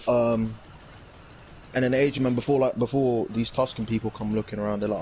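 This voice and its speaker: A man's voice: medium pitch, steady tone, brisk, dark tone, a little hiss or hum. Slangy young man recapping. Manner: slangy, rambling recap with acted-out quotes. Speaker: reviewer. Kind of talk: casual chat.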